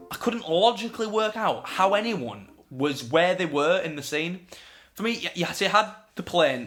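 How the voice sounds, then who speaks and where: Animated man debating films. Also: on the high side. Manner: animated, acts out film characters in quick voices. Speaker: film show co-host. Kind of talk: casual film debate.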